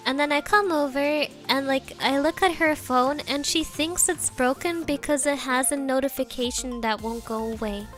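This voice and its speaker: A young woman chats and tells stories on a livestream. Her voice is high and bright, and she scatters fillers and little Japanese words through her talk. It has an animated, rambling flow. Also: moderate pace, few pauses, soft background music. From Germany. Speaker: streamer. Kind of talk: casual livestream storytelling.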